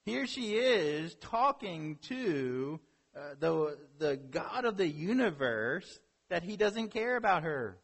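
A man's voice: on the high side, sing-song, slow pace, breathy edge. A man preaching a sermon as a pastor, earnest, with rhetorical questions and building emphasis.

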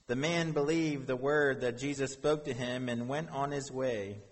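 A male pastor delivers a sermon, reading scripture and talking it through with his listeners in an earnest, conversational way. His voice has a husky, breathy grain. It rings with the long reverb of a large hall. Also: mid-range voice, measured pace.

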